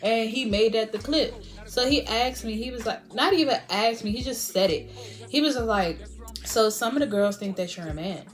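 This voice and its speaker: A young woman vlogger telling a storytime with animated delivery, laughing often and acting out what others said. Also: fairly high pitch, normal speed. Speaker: beauty vlogger. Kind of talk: storytime vlog.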